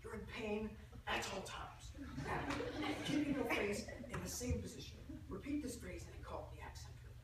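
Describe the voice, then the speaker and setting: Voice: medium pitch, animated, moderate pace, lightly acted. A performer playing a pompous, self-important accent coach who lectures in a put-on British accent, with theatrical, condescending asides. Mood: mock-serious. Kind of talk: humorous interpretation performance. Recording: echoey room, from far off, noisy.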